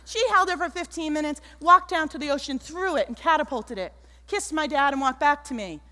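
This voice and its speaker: A woman giving an animated keynote talk on stage, telling stories and acting out the people in them. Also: sits high, a little fast. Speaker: keynote speaker. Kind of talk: motivational stage talk with storytelling. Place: large auditorium stage. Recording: echoey auditorium.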